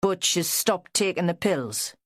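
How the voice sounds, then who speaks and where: A woman's voice: fairly low pitch, animated, a little slow, no room sound, clean studio sound. A woman reading an audiobook, voicing a blunt middle-aged female detective who barks her questions. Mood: brusque. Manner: barking, brusque.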